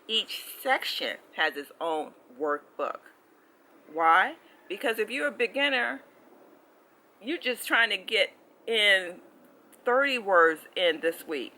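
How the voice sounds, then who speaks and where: A language-learning vlogger giving a casual explanation, animated and full of restarts, who keeps asking the audience "okay?". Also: medium pitch, poor audio. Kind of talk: casual explanatory vlog talk.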